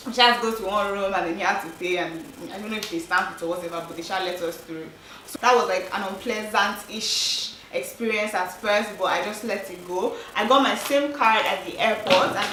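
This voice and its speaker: A woman's voice: mid-range voice, sharp tone, a little hiss or hum. A young woman vlogging her trip in a chatty, casual way, full of "like" and "um" fillers. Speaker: travel vlogger. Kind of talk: casual chat to camera. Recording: roomy, distant mic with faint ambience.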